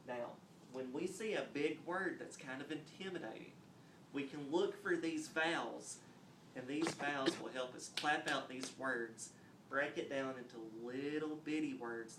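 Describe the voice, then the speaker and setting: A man teaching a phonics lesson on video, explaining step by step and clapping out words slowly. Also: mid-range voice, noisy background. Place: classroom. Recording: roomy echo, mic at a distance, faint ambience.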